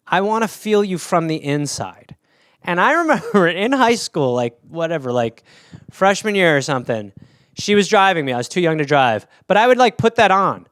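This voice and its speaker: A man's voice: fairly high pitch, clean tone, no echo, clean studio sound. A man hosting a casual solo podcast, rambling through anecdotes with plenty of swearing. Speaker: podcast host.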